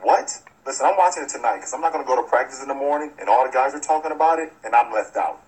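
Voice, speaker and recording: A man playing an easygoing celebrity in a comedy film scene, talking casually and rapidly. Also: medium pitch, a little mellow, lightly acted, poor audio.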